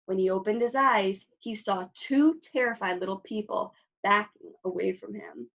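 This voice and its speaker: A librarian woman reads a picture book aloud for children at story time. Her voice sits at a middle pitch and is expressive, with friendly asides. The audio is slightly dull. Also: moderate pace, creaky.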